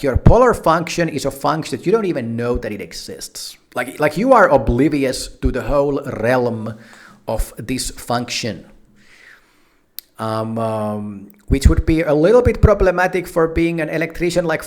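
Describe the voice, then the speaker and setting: A man talking in a casual, rambling monologue, swearing freely and restarting his sentences often. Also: a little high. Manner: rambling, profane, many restarts and fillers. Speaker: YouTube personality-type commentator.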